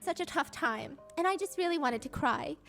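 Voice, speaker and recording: Girl doing a sugary humble-bragging rich wife, kinda high voice, fake modest. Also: animated, normal speed, a bit bright, faint music behind. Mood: smug.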